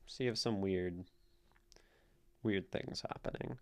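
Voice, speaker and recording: A man's voice: lowish voice, animated, normal speed, smooth. A man hosting a live stream, casually explaining poetry, thinking aloud and answering questions from chat. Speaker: streamer host critiquing poetry.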